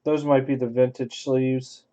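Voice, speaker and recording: A man's voice: medium pitch, level tone, measured pace, mellow. A man hosting a card break, giving offhand running commentary and thinking aloud as he opens packs. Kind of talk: casual card-opening commentary.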